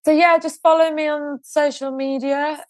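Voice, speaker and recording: A woman's voice: high voice, little pitch movement, moderate pace. Cheerful woman comedian guest. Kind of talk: casual chat.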